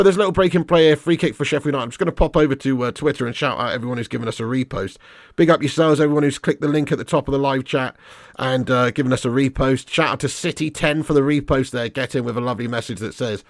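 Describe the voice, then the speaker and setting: A man hosting a live football watch-along, excitable and sweary, reading out fan messages and calling listeners lad and mate. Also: medium pitch, fast talker, no room sound, studio quality.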